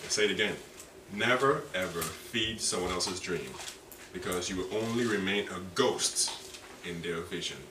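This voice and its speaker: A man preaching a sermon in a church, animated and dramatic, repeating key phrases and drawing responses from the congregation. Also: deep voice, normal speed. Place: church hall. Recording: echoey hall, distant mic, background noise.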